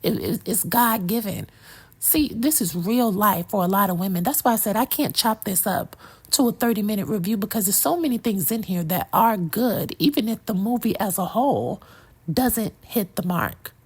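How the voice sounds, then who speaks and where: Sassy husky woman reviewing a movie. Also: mid-range voice, animated, normal speed. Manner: sassy, opinionated, talks to viewer as "girl" and "child".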